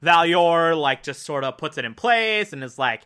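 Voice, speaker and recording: A man casually reviewing a cartoon episode, animated and emphatic, with mocking asides. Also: on the high side, normal speed, few pauses, clean tone.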